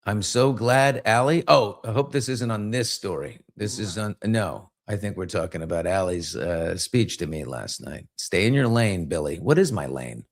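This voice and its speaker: Animated man hosting a chat show. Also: lowish voice, moderate pace, gravelly, hardly any pauses. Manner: animated, exuberant storyteller. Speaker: podcast host. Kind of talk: casual chat and joke telling.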